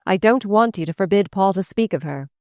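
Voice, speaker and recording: A woman reading the part of a wounded, stubborn young husband in an audiobook, her delivery quiet and restrained. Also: mid-range voice, expressive, fairly quick, dry recording, clean studio sound, close to an everyday voice. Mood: reproachful.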